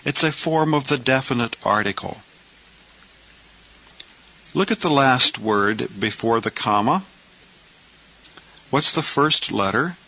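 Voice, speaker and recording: A man teaching Greek letters, who asks questions and answers them himself in a slow, step-by-step lesson. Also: mid-range voice, expressive, pushed and bright, poor audio.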